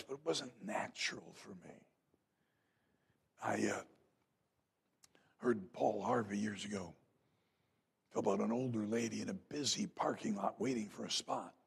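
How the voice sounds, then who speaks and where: A man preaching a revival sermon in a church, telling folksy stories and rising to loud emphatic peaks. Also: medium pitch, creaky, husky. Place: church sanctuary.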